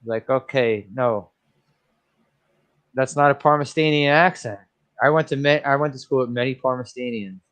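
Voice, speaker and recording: A man's voice: medium pitch, fairly even intonation, fairly quick, fairly bright tone. A man co-hosting a casual movie-review podcast, rambling and sarcastic.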